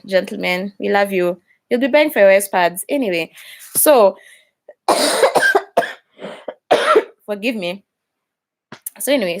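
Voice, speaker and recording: A young woman, chatting and confiding as she tells a personal story, acting out the dialogue. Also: medium pitch. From Kenya. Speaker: vlogger.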